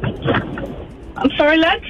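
A woman's voice: extremely slow, muffled recording, over music. A woman caller voicing a chatty young Irish woman backpacker with a put-on Irish accent over the phone. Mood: breezy.

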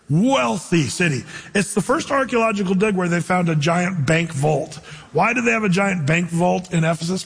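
A male pastor preaches in a chatty, animated way, tossing in jokes between his points. His voice sits fairly high for a man and has a husky edge. A long reverb rings after his words, as in a big church hall. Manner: animated, conversational preaching with jokey asides. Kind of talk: sermon.

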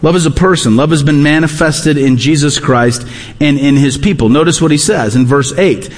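A pastor preaching in a large church sanctuary. He is a man with a notably high voice, and he drives each point home by repeating it, sinking low at the close of his phrases. A long reverb from the hall trails behind every word. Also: moderate pace. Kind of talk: sermon.

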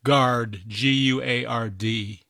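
A man's voice: mid-range voice, fairly even intonation, slow, gravelly, sharp tone, dry recording. Man, puzzle master on radio, spells words letter by letter, dry close studio sound. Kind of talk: radio word puzzle hosting.

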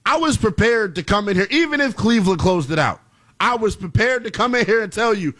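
A young man breaks down last night's basketball game, emphatic and ranting. His voice sits high and swings widely in pitch, climbing into near-shouts and dropping low again as he makes his points. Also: lively intonation, fairly quick. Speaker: sports show host. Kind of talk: basketball analysis commentary.

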